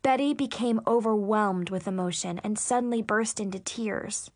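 A woman narrating a first-person teen story in a lively, expressive way. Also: medium pitch, moderate pace, few pauses, no room sound, studio quality. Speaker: audiobook narrator.

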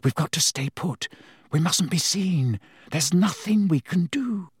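A man reading aloud voices an anxious, insistent teenage girl wizard in a high, urgent voice. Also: animated, unhurried, slightly rough, no echo, clean studio sound, exaggerated voice.

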